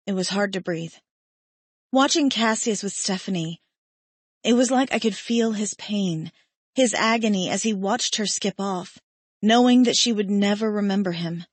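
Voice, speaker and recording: A woman reads a first-person romance audiobook in a measured, emotive voice at a slow pace. Her tone sits in a middle range, recorded close and dry with no room around it. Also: mid-range voice, no room sound. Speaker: audiobook narrator.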